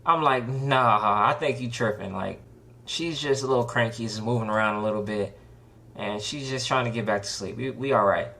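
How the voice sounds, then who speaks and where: Young man telling a wild storytime. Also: moderate pace. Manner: animated, acts out his own panicked quotes in a higher voice; laid-back slangy talk with many likes and restarts. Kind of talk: casual storytime narration.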